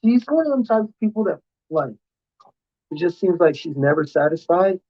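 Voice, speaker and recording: A man telling a long studio story in casual, profane podcast chat, jumping up in pitch whenever he quotes other people. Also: normal speed. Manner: animated, profane, swings pitch when quoting others. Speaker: podcast host. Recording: dull lo-fi sound.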